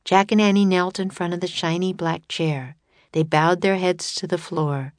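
A woman narrating a children's chapter book aloud in a calm, even storytelling manner. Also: lowish voice, normal speed, dry recording.

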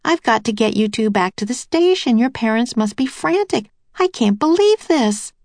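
A woman's voice: a little slow, no echo, natural voice. A woman putting on a flustered, sputtering tour guide. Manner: excited, sputtering, rising high.

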